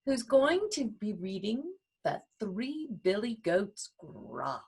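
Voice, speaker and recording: A woman's voice: mid-range voice, sing-song, slow pace, darkish tone, breathy edge. A woman hosting a story hour, introducing readers and closing the program. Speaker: host.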